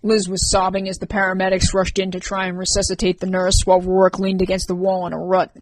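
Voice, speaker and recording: A woman narrating a chapter of an audiobook in a steady reading voice. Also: mid-range voice, fast, a little hiss or hum.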